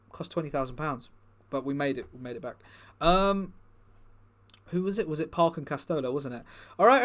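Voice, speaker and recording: Male comedy host, slightly high voice, dry deadpan asides between viewer comments. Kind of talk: hosting an online comedy show, reading viewer comments.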